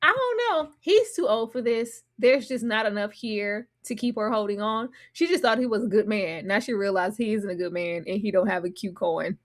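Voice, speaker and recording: A woman giving animated, sassy commentary recapping a reality show, often mocking the cast in put-on voices. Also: medium pitch, normal speed, hardly any pauses.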